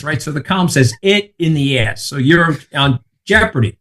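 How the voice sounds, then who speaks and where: A man guesting on a podcast, telling rapid, profane stories full of asides and checking in with the listener. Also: fairly high pitch, lively intonation, fairly bright tone. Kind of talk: casual chat.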